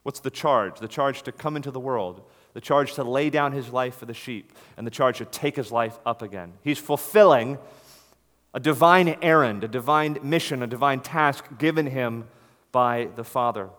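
A man's voice: medium pitch, moderate pace, a bit bright. Earnest male preacher in an echoing hall. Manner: earnest, emphatic, rises to stress key words. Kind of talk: sermon. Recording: long reverb of a large hall.

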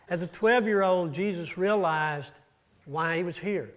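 A man preaching a sermon, retelling scripture stories with his voice rising and falling for emphasis. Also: a little slow. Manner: storytelling, rises and drops in pitch and loudness. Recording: audio-only church recording.

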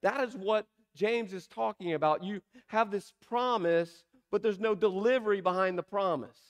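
A man preaching a sermon, asking emphatic rhetorical questions and slowing down to stress key words. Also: high-pitched. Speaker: pastor.

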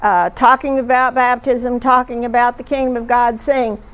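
A woman leading a group discussion, retelling stories in a chatty, halting way with frequent fillers. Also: on the high side, fairly even intonation. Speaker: discussion leader.

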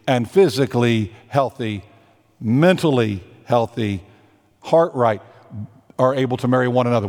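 A man's voice: fairly high pitch, a little mellow, in a large hall. A man preaching a sermon, emphatic, repeating phrases and restarting as he makes his points. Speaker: pastor.

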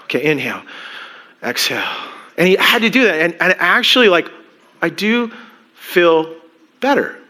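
A man preaching a sermon as pastor, talking in an animated, rambling way with many restarts and asides. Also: sits high, normal speed, pauses often.

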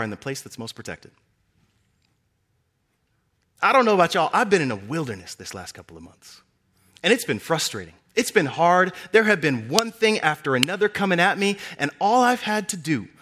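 Lively high-voiced male preacher. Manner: animated storytelling, acting out characters with big pitch swings. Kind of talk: sermon.

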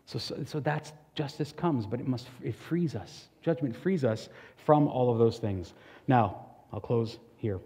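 Man, pastor, sermon; warm, relaxed voice, earnest and chatty, long hall echo. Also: medium pitch, unhurried. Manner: earnest, conversational preaching with frequent restarts.

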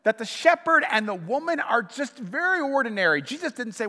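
High-voiced bright preacher in a reverberant church. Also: male voice, normal speed, few pauses. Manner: storytelling, animated and emphatic. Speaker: pastor. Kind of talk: sermon.

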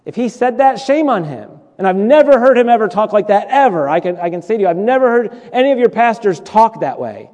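A man's voice: high-pitched, expressive, fairly quick, few pauses, a little mellow. A male pastor preaching a sermon in a conversational, humorous way, repeating his points and making asides to the congregation. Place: church sanctuary. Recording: long church reverb.

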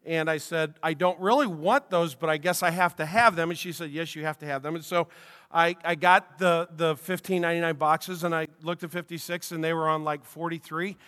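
A middle-aged man preaches in a church, his voice sitting high for a man. He tells his story conversationally, often restarting his phrases. A long reverb from the sanctuary trails after his words. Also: fairly even intonation, brisk, bright, forceful tone. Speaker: pastor. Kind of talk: sermon with personal story.

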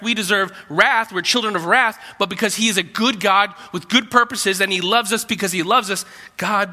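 A man's voice: sits high, pushed and bright, in a large hall. A man preaching a sermon as a pastor, conversational, with asides and repeated words.

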